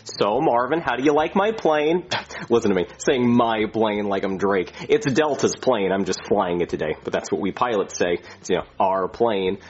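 A man's voice: on the low side, moderate pace, slightly rough, highs cut off. A man voicing a reckless, crude male airline pilot who rambles, boasts and swears a lot.

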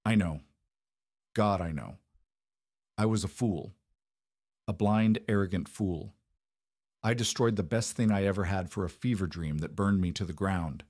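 A man's voice: low-pitched, a little slow, long pauses, darkish tone. A man voicing a ruined, exhausted aristocrat with a cracked voice and a worn-down drawl. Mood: remorseful.

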